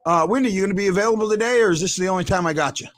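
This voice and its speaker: A man hosting a casual sports fan show, talking in an animated way and stumbling over repeated words as he makes his points. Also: high-pitched, rapid-fire. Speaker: host.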